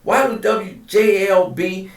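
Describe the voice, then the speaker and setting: A man's voice: sits high, recorded from a distance. Indignant man firing off questions. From Detroit. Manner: rapid-fire rhetorical questions, indignant and preachy. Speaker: podcast host. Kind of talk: impassioned monologue. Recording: echoey room, voice set back from the mic.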